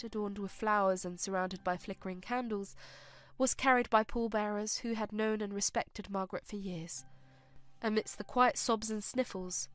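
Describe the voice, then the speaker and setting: A woman giving a scripted, solemn and measured story narration. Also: mid-range voice, dry recording.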